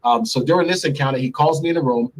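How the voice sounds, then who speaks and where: A man's voice: mid-range voice, fast, a little hiss or hum, poor audio. A man as an interview guest, bluntly and profanely telling a personal story. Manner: blunt and profane, speaks freely.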